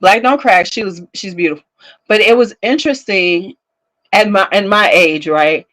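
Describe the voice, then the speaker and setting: A beauty channel host in her fifties chats casually on a livestream from home, telling stories, laughing often and talking back to viewers. Her medium-pitched voice is fairly bright and at normal speed, though the recording is rough.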